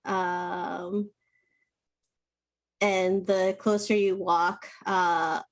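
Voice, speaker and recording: A woman running a tabletop game as dungeon master, narrating scenes at a slow, unhurried pace. She pauses often with fillers as she describes what the players see. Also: lowish voice, flat delivery.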